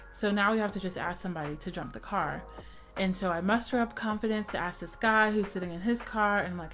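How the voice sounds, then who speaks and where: Animated young woman telling a story. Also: medium pitch. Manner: animated, dramatic retelling with quoted dialogue. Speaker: vlogger. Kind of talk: casual storytelling chat.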